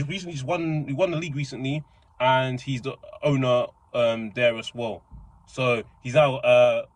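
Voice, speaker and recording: A young man giving casual, excitable commentary, rambling with slang and frequent restarts. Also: mid-range voice. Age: young adult. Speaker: reaction channel host.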